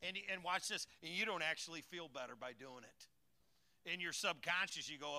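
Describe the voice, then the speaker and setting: A man's voice: on the high side, moderate pace, pushed and bright. An older man preaching a sermon as a pastor, folksy and joking, calling out to his congregation in a church. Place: church sanctuary.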